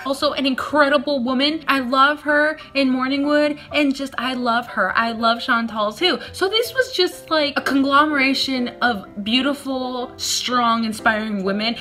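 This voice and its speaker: A woman's voice: a little high, pushed and bright. A young woman vlogger telling a personal story in a chatty, self-deprecating way, acting out her own nervous replies. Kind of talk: casual storytelling vlog.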